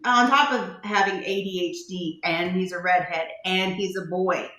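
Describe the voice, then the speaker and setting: Woman cohost on a podcast, bright voice, kinda echoey room, dry and matter-of-fact. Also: on the low side, normal speed. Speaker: podcast co-host. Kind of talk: casual chat.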